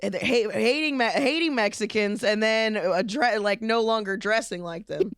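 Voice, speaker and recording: A woman co-hosting a podcast, telling stories in an animated, profane, casual way. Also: mid-range voice, moderate pace, clear, resonant tone, dry recording, clean studio sound. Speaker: podcast co-host. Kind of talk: casual chat.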